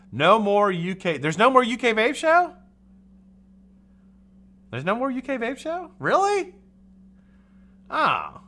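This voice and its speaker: A man in his forties from the United States hosts a casual live stream, joking, swearing, and reading viewers' chat names aloud. His voice is lowish with a sharp tone, and there's slight background noise.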